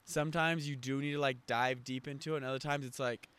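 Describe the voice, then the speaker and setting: A man's voice: medium pitch, steady tone, fast talker, fairly bright tone, clean tone, dry recording. A man as a podcast guest, talking in a laid-back way with lots of fillers. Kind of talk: casual conversation.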